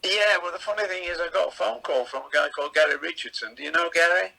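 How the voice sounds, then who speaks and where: An older man from England, a veteran comedian, telling rambling anecdotes in a relaxed chatty way. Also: on the high side, fast, vocal fry, poor audio. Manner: chatty, rambling anecdotes with playful voices in quotes.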